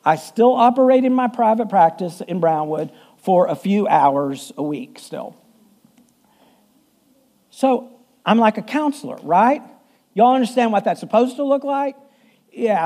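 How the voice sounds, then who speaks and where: Middle-aged pastor, mellow voice, chatty folksy sermon with jokes. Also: male voice, high voice, very animated, measured pace. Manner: folksy, humorous storytelling. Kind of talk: conversational sermon. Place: church.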